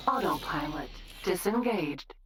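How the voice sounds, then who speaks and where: A woman voicing a ship's computer in a game, giving flat, clipped status announcements. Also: low-pitched, measured pace, noisy background.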